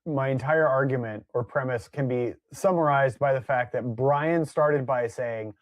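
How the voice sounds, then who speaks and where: A man's voice: mid-range voice, moderate pace, no echo. A man co-hosting a podcast, teasing his partner in a wry manner. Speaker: podcast co-host. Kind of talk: casual podcast banter.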